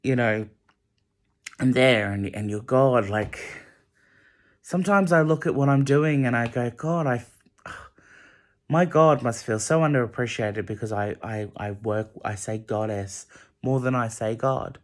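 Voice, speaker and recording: A young man vlogging a late-night rambling monologue, emotional and halting, often restarting his sentences. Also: mid-range voice. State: emotional, close to tears.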